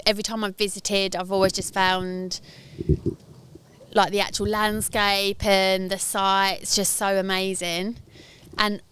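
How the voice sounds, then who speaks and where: A woman's voice: medium pitch, a bit bright, smooth. A woman co-hosting a casual podcast, chatty and rambling, recorded outdoors in a garden. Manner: chatty, rambling with many fillers. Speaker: podcast co-host. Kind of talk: casual chat.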